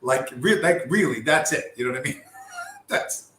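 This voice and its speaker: Guy rambling on his stream, cussing, kinda high voice, echoey room. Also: huge pitch swings, moderate pace, fairly bright tone. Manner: profane, rambling, many restarts. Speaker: livestream host. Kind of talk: casual livestream commentary. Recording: echoey room with faint background noise.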